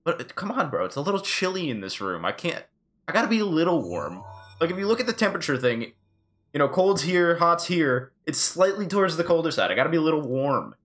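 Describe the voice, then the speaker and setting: A man's voice: fairly high pitch, big pitch swings, fast, fairly bright tone, faint music behind. A man streaming a video game live and chatting casually, joking and swearing freely as he plays. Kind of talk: casual live gameplay commentary.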